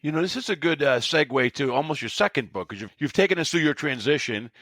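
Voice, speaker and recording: A man's voice: on the high side, expressive, quick pace, a bit bright, no echo. A man hosting a podcast, summarizing his guest's story in a friendly way before asking a question. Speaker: podcast host. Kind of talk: interview questions.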